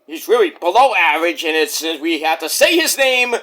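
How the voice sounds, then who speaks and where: A man's voice: a little high, sing-song, normal speed, sharp tone. A man casually reviewing a wrestling show in a rambling, jokey, profane way.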